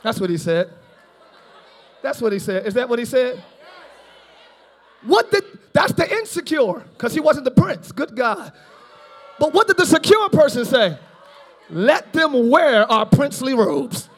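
Male pastor, very high voice, live church sermon, shouts and jokes. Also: unhurried, pauses often, husky. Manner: animated preaching, often shouting, playful asides. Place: large church, live service.

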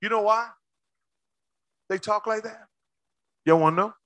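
High, bright-voiced preaching man. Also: a little slow, dry recording. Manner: impassioned preaching with call-and-response; swings between shouts and low asides. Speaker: pastor. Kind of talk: sermon.

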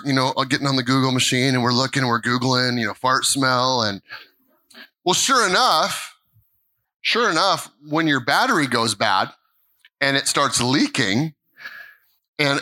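Male pastor, middle-aged, animated storyteller; bright, forceful tone. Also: medium pitch, rough recording. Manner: animated storytelling, acts out voices, laughs along. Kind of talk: sermon story. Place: church stage.

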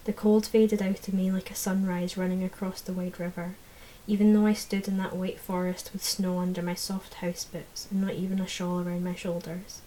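A woman narrating a fantasy audiobook in the first person, in a measured, low-key way. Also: flat delivery, mellow, slight background noise, poor audio.

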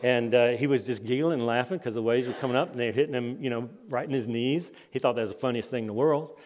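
Storytelling preacher in a reverberant hall. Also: male voice, mid-range voice, fast talker, slight background noise. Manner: lively storytelling, voice rising and dropping with the tale. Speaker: conference speaker. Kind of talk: sermon with personal stories.

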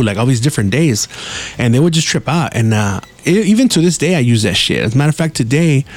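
A man spins a loose, casual story for his podcast. He swears freely and drops Spanish slang into his sentences. His voice sits at an ordinary middle pitch. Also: sing-song, fast. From Mexican-American. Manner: profane, slangy, mixes in Spanish words. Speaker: podcast host.

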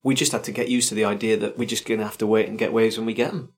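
Low-voiced chatty podcast co-host. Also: male voice, steady tone, very fast. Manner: chatty, storytelling with self-mocking humour. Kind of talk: casual chat.

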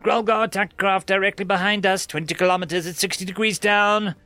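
A man's voice: high-pitched, steady tone, brisk, dry recording, faint music behind, voice pushed up. Man doing a panicky tentacled alien ensign. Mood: panicked. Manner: panicky, shouts reports.

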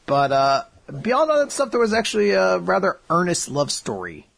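Man, podcast co-host, casual chat, lively pitch, slightly husky, jokey. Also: moderate pace. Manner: jokey, animated, laughs often.

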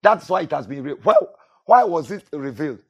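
Husky-voiced preacher man, call-and-response. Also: a little high, lively intonation, brisk, muffled recording. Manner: repetitive preaching with call-and-response questions to the congregation. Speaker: pastor. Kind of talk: sermon.

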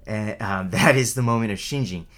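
A man's voice: fairly low pitch, moderate pace, fairly bright tone, slight background noise. A man giving an informal Buddhist dharma talk in a conversational way, tagging sentences with "right?" and restarting often, raising his voice when acting out the quoted calls. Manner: conversational, keeps asking "right?", restarts and repeats words; acts out quoted calls with a raised voice.

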